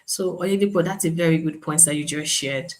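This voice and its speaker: A woman's voice: sits low, fairly quick, a little mellow. A woman from Nigeria teaching a live online class in a conversational way, repeating her points and answering chat comments. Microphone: computer mic on a live stream.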